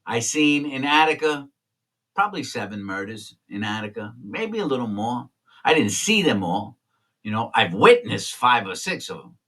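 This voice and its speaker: A former prisoner telling candid stories in a blunt, streetwise way, swearing freely. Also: male voice, mid-range voice, sing-song, normal speed, a bit bright, far from the mic. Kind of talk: candid storytelling.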